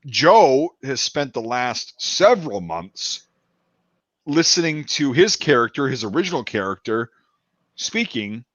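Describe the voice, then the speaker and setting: A man's voice: mid-range voice, sing-song, measured pace, fairly bright tone, no room sound, muffled recording. A man with a Midwestern American accent in a casual livestream chat, repeating words as he builds each point.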